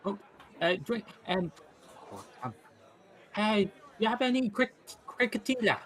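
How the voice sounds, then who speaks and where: A man's voice: high voice, sing-song, a little slow, a bit bright, a faint crowd. A man playing a tabletop game, speaking hesitantly and goofily in character. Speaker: player.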